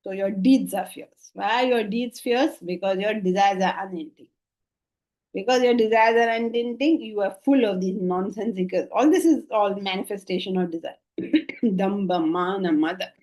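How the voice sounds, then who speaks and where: Middle-aged woman, lecture-hall teacher, mellow tone, animated and questioning. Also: medium pitch, moderate pace. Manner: animated, questioning, shifts between soft and emphatic. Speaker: Vedanta teacher. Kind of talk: scripture class lecture. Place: classroom with listeners.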